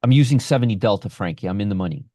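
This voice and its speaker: A man's voice: fairly low pitch, lively intonation, racing, warm tone, no room sound, clean studio sound. Brash sarcastic man teaching trades. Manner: brash, sarcastic, answers chat by name. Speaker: options trading instructor. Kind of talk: live-stream trading commentary.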